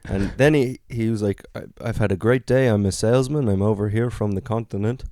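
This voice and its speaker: Laid-back comic, lowish voice. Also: male voice, fairly even intonation, fairly quick, mellow, no room sound, studio quality. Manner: laid-back anecdote telling, swearing. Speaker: podcast co-host. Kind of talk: casual banter.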